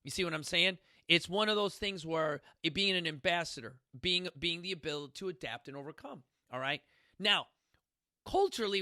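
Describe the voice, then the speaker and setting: A man's voice: fairly high pitch, pushed and bright, dry recording, studio quality. A man from Chicago hosting a casual motivational talk, rambling, joking and speaking bluntly with some profanity. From Chicago, United States. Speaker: host.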